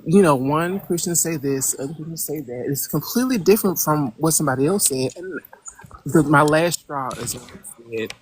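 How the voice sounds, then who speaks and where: A caller on a casual call-in show who speaks at a medium pitch. They talk hesitantly, leaning on fillers and searching for words. They turn animated when something strikes them as absurd. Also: moderate pace, a little hiss or hum.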